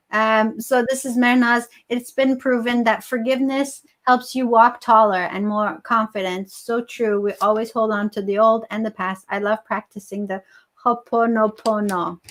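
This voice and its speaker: Woman reading out viewer comments, affirming, a little high. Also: a bit bright. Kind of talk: live discussion.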